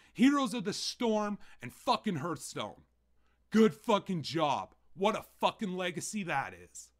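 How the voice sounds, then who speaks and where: A man's voice: high-pitched, a bit bright. Profane, fired-up man ranting. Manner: profane, heated, repetitive. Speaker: gaming channel host. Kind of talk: angry rant to camera.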